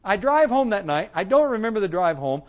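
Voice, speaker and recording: A high-voiced man gives his testimony from the pulpit. His storytelling is animated, rising loud and dropping to a hush, and he acts out every line he quotes. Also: a little fast. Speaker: preacher giving his testimony. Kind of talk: sermon testimony.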